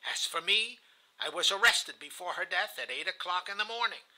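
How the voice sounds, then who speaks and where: A man's voice: sits high, moderate pace, pushed and bright, rough recording. A man reading a novel aloud in the first person, earnest and confessional. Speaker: audiobook reader.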